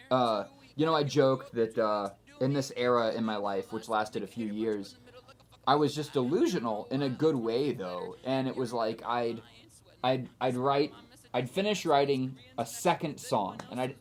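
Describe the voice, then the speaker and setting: A man casually talking through the making of his own album in a studio, rambling and self-deprecating, full of fillers and restarts. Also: medium pitch. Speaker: musician giving album commentary. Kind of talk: casual spoken commentary. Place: recording studio.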